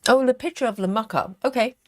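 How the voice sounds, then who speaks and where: Woman host reading out viewer comments in an unhurried, um-filled chat; dry, close recording. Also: on the high side, no echo. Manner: unhurried, thinking aloud with many ums. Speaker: cross-stitch livestream host.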